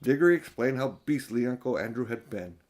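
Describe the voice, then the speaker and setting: An older man reads a children's book aloud in a gentle, grandfatherly way. His pitch moves lively through the sentences. His delivery stays expressive and unhurried. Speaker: audiobook narrator. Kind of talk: storybook narration.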